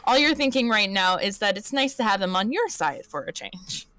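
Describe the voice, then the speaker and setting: A woman's voice: mid-range voice, animated, moderate pace, bright, forceful tone, no room sound. A woman streamer reading an interactive story aloud on a live stream, sometimes stumbling over words and correcting herself. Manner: reads narration aloud, stumbling and correcting herself, laughs often.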